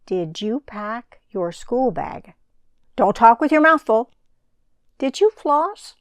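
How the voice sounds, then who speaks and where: A woman's voice: a little high, sing-song, no room sound, full character voice. A bossy father rattles off orders and scolding questions in a children's story, put on by a woman. He sounds commanding and relentless. The sound is dry and close. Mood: nagging. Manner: rapid-fire scolding, commanding. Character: strict nagging father, bossy.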